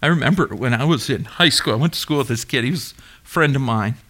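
A man's voice: medium pitch, fast talker. A middle-aged man preaching a sermon as pastor, emphatic and engaging, questioning his congregation and waiting for answers. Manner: animated, emphatic preaching with call-and-response questions.

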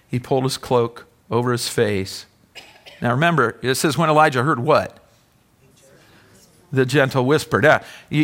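Animated bright-voiced male preacher. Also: a little high. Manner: animated, swings from loud exclamations to hushed near-whisper; asks the congregation questions, calls for responses. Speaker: pastor. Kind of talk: sermon.

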